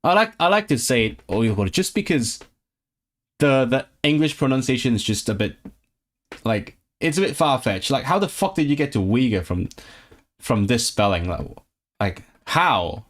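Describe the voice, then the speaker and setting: Here a man from Hong Kong, whose mid-range voice has a sing-song lilt and a moderate pace, is learning a language live for his chat. He works through words by sounding them out, repeating them, and correcting himself aloud.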